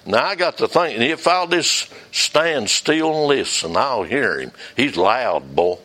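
A man's voice: medium pitch, lively intonation, unhurried, pushed and bright. A man, a revival preacher telling a folksy story from the pulpit and calling on listeners by name.

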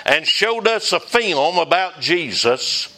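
Man doing a young African woman, new convert, earnest, emotional, higher voice. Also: very animated, slow, bright, forceful tone, heavily acted, rough recording. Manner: earnest, emotional retelling in a raised voice.

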